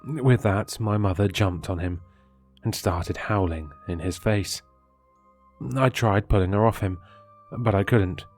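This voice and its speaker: A man reading a horror story aloud in a steady, measured narration. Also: low voice, faint music behind.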